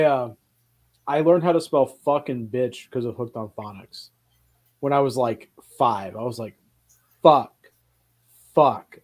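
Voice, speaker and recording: Animated, cussing male podcast host. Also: medium pitch. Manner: animated, swearing, quick asides. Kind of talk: casual film chat.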